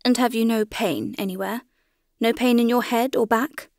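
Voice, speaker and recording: A woman voicing a kind, calm older male doctor in an audiobook, speaking gently and soothingly. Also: a little high, normal speed, no room sound, studio quality, close to an everyday voice. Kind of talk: audiobook character reading.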